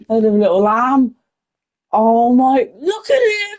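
Girl playing a game, gasping and yelling at animals, bouncy voice that swings all over. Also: on the high side, expressive, unhurried. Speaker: gaming video creator. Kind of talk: casual game commentary.

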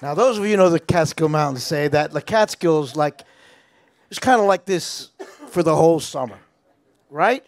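Older American man, interview guest, raised pitch, animated raconteur with halting restarts. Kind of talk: casual storytelling interview.

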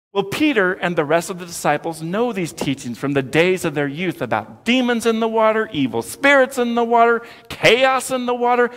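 A man in his forties preaching a sermon as pastor, with playful asides and animated storytelling. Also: sits high. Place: church sanctuary. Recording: long church reverb.

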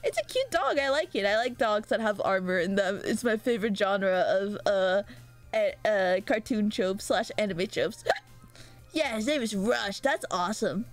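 A woman's voice: medium pitch, lively intonation, normal speed, soft background music. Giggly, rambling young woman streamer. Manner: rambling, giggly, chatting with viewers. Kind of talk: casual livestream chat.

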